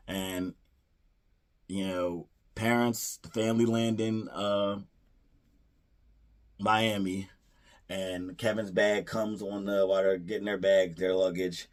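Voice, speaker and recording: A man with a low, deep voice talks through a movie's plot in a loose, casual way. He wanders and restarts his sentences, leaning on "you know" and "uh" as he goes. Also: flat delivery, slow pace, long pauses. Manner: rambling, many fillers and restarts; playfully acts out character lines. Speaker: movie reviewer.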